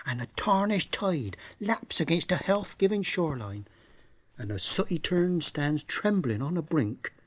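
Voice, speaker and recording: A man's voice: fairly high pitch, expressive, measured pace, no room sound. A man voicing a pompous older man with a West Country accent, grandiose and flowery in his talk. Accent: West Country English.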